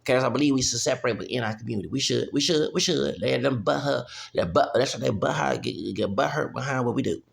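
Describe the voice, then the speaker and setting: A man's voice: medium pitch, quick pace, vocal fry, few pauses. A man, ranting heatedly and profanely in a vlog, often breaking off with "okay?". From United States. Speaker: vlogger. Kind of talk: heated opinion rant.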